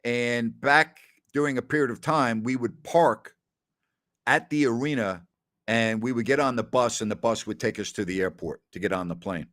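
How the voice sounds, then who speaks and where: A middle-aged man hosts a casual question-and-answer session, his voice sitting at a middling pitch. He rambles warmly through anecdotes, acting out bits of dialogue, and keeps coming back to "absolutely". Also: normal speed. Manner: chatty, tells anecdotes with quoted dialogue, often says "absolutely". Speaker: host answering listener questions. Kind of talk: casual Q&A storytelling.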